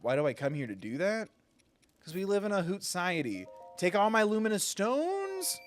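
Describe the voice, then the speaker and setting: A man's voice: high voice, wildly swooping pitch, moderate pace, soft background music. Rambling, foul-mouthed gaming streamer man. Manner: rambling, swears freely. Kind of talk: casual live gameplay commentary.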